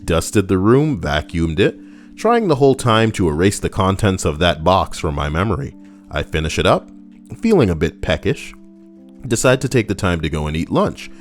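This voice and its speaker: A man with a very low voice reads stories aloud for his channel. His pitch swings widely as he drifts into joking, rambling asides and tosses in casual swearing. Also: big pitch swings, moderate pace, soft background music. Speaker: channel host reading stories. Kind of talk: reading stories with joking commentary.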